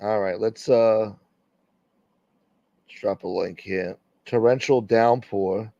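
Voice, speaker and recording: A man's voice: fairly low pitch, steady tone, slow pace, dark tone, no echo, muffled recording. A man hosting a casual livestream, reading out chat and rambling crudely with lots of swearing.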